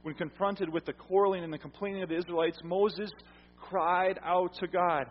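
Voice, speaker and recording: A man preaching a sermon as pastor, earnest, repeating phrases for emphasis and letting his lines fall quiet at the ends. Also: sits high, steady tone, normal speed, faint music behind. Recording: dull, echoey hall sound.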